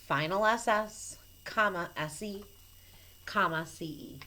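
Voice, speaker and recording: A woman teacher giving a recorded phonics lesson to children, speaking slowly and patiently and spelling out each letter clearly. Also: mid-range voice, bright, forceful tone, rough recording. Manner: slow, patient and clearly enunciated. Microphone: camera mic.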